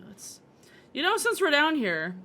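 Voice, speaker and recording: A woman's voice: high voice, wildly swooping pitch, measured pace, bright, forceful tone, slight background noise. A woman streamer giving playful, chatty commentary while playing a game. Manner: playful, laughing, chatty reactions. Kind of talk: casual gameplay commentary.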